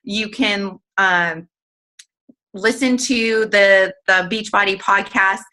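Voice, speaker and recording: Chatty, bright-voiced woman on a team call. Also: mid-range voice, steady tone, slow, rough recording. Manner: chatty, giggly, many fillers. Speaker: team leader hosting a coaching call. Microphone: online group call.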